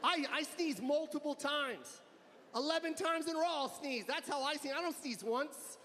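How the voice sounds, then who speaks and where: High-voiced brash stand-up comic man. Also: normal speed, echoey room, long reverb tail. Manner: loud, animated, often shouting punchlines; profane, brash delivery. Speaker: stand-up comedian. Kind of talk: stand-up comedy. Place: large live arena stage. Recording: live arena recording with audience noise. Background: audience laughter and crowd ambience.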